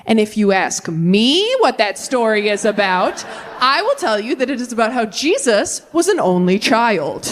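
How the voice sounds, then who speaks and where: A woman's voice: fairly high pitch, big pitch swings, normal speed, slight background noise. A woman performing a stand-up comedy set on a club stage, brash and self-deprecating, talking frankly to a live audience.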